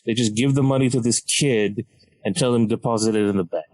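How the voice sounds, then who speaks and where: A man's voice: mid-range voice, fast talker, no echo, low-quality recording. Man telling a comic story. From Malaysia. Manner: animated, laughs mid-sentence, self-mocking. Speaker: podcast guest, comedian. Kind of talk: comedic storytelling.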